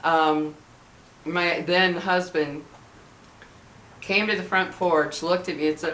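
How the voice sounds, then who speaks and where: A middle-aged woman vlogger talking earnestly to her viewers about personal matters, halting and restarting her sentences often. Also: low-pitched, fairly even intonation. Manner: halting, with many restarts and soft earnest asides. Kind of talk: heartfelt personal talk to camera. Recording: echoey room with faint background hum.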